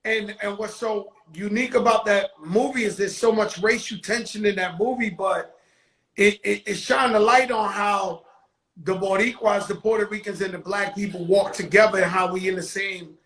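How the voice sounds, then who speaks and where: A man's voice: high voice, fairly even intonation, normal speed, a bit bright. A man hosting a casual interview, talking in a loose, emphatic way that repeats words. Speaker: host, rapper.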